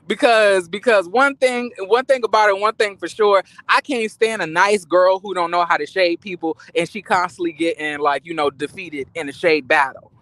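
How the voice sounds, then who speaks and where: A man with a very high voice dishes sassy, profane gossip about reality TV. He rambles, restarts his sentences and throws shade, and the sound is close and dry. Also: normal speed, few pauses, fairly bright tone, dry recording. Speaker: reality TV commentator. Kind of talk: casual gossip commentary.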